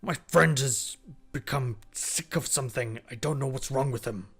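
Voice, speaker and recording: A man voicing huge male tree creatures that quarrel and shout in a tabletop game. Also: mid-range voice, moderate pace, husky. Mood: worried.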